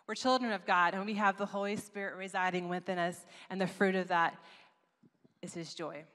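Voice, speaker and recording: A woman giving a sermon at a conference, telling a story with lively, acted-out asides. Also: medium pitch, normal speed. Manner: animated storytelling, acts out her own past voice. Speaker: conference speaker. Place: church auditorium. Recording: long reverb of a large hall.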